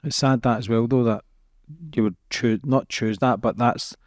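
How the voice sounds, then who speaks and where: A man's voice: mid-range voice, fairly even intonation, moderate pace, no room sound, studio quality. A man hosting a podcast interview, asking sympathetic, reflective questions. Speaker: podcast host.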